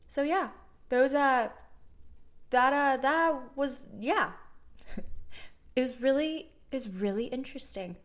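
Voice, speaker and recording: A woman's voice: sits high, takes it slowly, pauses often. A young woman in her twenties telling a personal story to her viewers in a casual, candid way, swearing freely and restarting her sentences as she goes. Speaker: vlogger.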